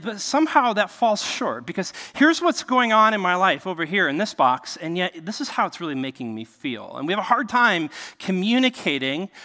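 A man's voice: high voice, pushed and bright, long reverb tail. A man preaching a sermon from a cramped enclosed space, conversational and full of rhetorical questions. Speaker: pastor.

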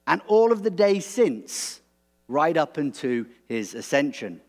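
A man preaching a sermon in a relaxed, conversational way, animated and prone to restarts. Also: a little high, a little slow.

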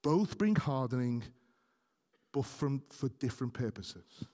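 A man's voice: medium pitch, lively intonation, unhurried, dark tone, in a large hall. A man preaching a sermon earnestly, speaking directly to his congregation and rising to emphatic peaks.

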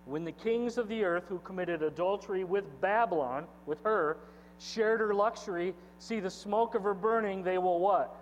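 A man preaching from the pulpit, pitched high for a male speaker. He reads scripture and leans hard on key words. His voice rings out in a long-echoing hall, dulled a little, with a faint mains hum underneath. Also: normal speed, dull audio. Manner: expository preaching, reading scripture aloud with emphatic swings in loudness. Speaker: pastor. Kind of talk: sermon.

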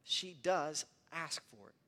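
Earnest high-voiced male preacher. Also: animated, slow pace, sharp tone. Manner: earnest, repeats words while building a point. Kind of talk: sermon.

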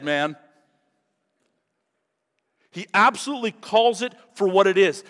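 A male pastor preaching a sermon, animated, acting out quotes in different voices. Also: very high-pitched, in a large hall.

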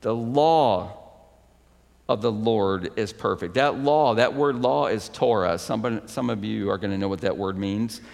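A man preaching a sermon as pastor, emphatic, swinging between loud proclaiming and hushed, intimate stretches. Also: on the low side, moderate pace, creaky, big-room sound.

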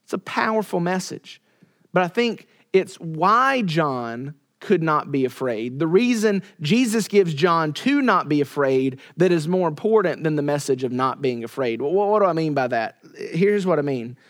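A man preaching with a high, bright voice as a pastor. He lets key phrases fall to a near hush, then climbs and pushes hard when he drives a point home. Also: expressive. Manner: dramatic pauses, drops to a hush for quoted words. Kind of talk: sermon.

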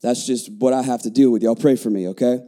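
A man's voice: mid-range voice, fast talker. A middle-aged man from the United States, preaching a sermon in a church and stopping to restart his phrases. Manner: animated preaching with repeated restarts and call-and-response asides. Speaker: pastor. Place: church sanctuary.

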